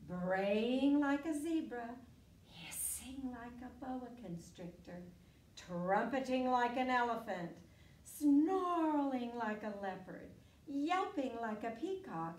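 A woman reading a picture book aloud to children in a slow, sing-song way. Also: a little high, a little mellow. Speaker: story time reader. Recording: echoey room, mic far off.

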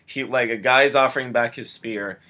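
A young man casually recapping an action movie, rambling with many fillers and growing excited as he goes. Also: mid-range voice, moderate pace. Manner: rambling, filler-heavy, gets excited and laughs. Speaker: film reviewer.

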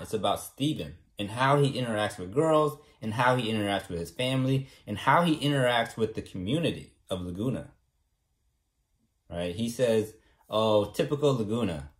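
This young Californian vlogger has a fairly low, animated voice and a moderate pace. He chats casually to the camera, rambling self-assuredly and often ending points with "right?".

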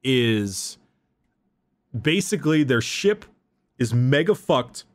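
Young man, relaxed stammering chat. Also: mid-range voice, slow pace. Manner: relaxed, stammery restarts, recounts scenes with quoted lines. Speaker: podcast co-host. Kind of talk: casual book discussion.

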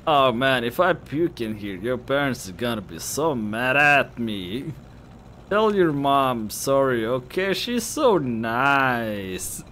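A man's voice: mid-range voice, sing-song, a bit bright, a little hiss or hum, voice pushed up. A man voicing a drunk, clingy young female cat, slurring and dragging out his words. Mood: sloppy, apologetic. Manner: slurred, drawn-out, whiny.

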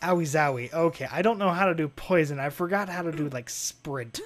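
A man recording let's play commentary as a gaming video host, excitable and exclaiming and laughing often. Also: a little high, brisk, faint music behind.

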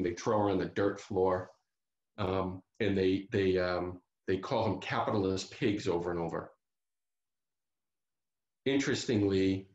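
A man tells a true crime story at an author talk, pausing on fillers and restarting his sentences as he goes. His voice sits a little low. The sound comes through a video call, echoey and muffled. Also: darkish tone. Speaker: author giving a library talk. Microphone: computer mic on a video call.

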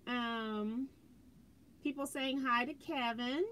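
High-voiced woman chatting with viewers. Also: steady tone, slow, a bit bright. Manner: chatty, reads comments aloud and greets viewers by name. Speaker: quilting livestream host. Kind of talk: casual livestream chat reading viewer comments. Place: indoors at home, fireworks outside. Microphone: phone.

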